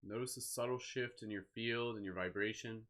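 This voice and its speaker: A man leading a live guided meditation, speaking slowly and soothingly with gentle encouragement. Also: on the low side, steady tone. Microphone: live stream microphone.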